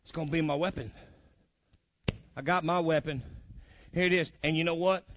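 A man's voice: a little high, fairly even intonation, moderate pace, a bit bright, no echo. Man, fiery sermon, colloquial, dry lo-fi sound. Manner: fiery and colloquial, calls out to the congregation. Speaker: preacher. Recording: muffled lo-fi recording.

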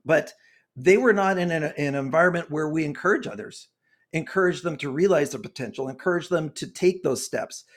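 A man's voice: a little high, fairly quick. A man in his sixties, a guest author and consultant, talking earnestly and getting worked up as he preaches his point in an interview. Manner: impassioned, preachy, gets worked up.

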